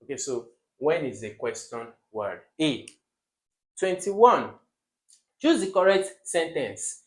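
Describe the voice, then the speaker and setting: A young man, teaching an exam-prep lesson for children. He asks questions and answers them himself, and he jumps to loud emphasis on key words. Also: mid-range voice, sing-song, slow.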